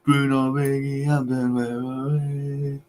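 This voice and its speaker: A man's voice: medium pitch, level tone, slow pace, a little mellow, slight background noise. A young man co-hosting a football watchalong, teasing rival fans in casual, repetitive banter.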